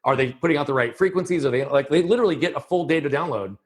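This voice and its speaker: A man's voice: a little high, lively intonation. A man who works as a performance coach, talking earnestly as a podcast guest, often using "like" as a filler. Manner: quick, earnest, emphatic with "like" fillers. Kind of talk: casual podcast conversation.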